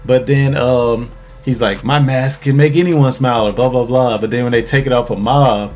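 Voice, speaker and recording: A man's voice: mid-range voice, steady tone, normal speed, a little mellow, faint music behind. A man casually recapping an anime episode as host, laid-back and slangy, laughing as he tells it.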